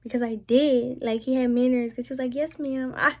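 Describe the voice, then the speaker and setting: A woman's voice: a little high, little pitch movement, brisk, a little mellow. A young Southern woman ranting casually to camera, rambling with lots of "like" and "you know what I'm saying.".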